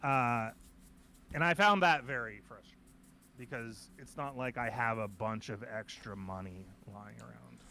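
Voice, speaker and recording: A man's voice: medium pitch, unhurried, vocal fry, sharp tone, a little hiss or hum. A man hosting a casual art podcast, telling rambling stories with many restarts. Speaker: host.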